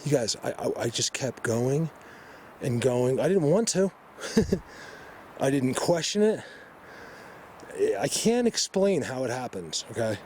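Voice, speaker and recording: A man's voice: mid-range voice, big pitch swings, slow pace, pauses often, a little mellow, slight background noise. A man vlogging outdoors in the woods, talking to the camera in an emotional, rambling way with frequent restarts. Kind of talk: excited hiking vlog to camera.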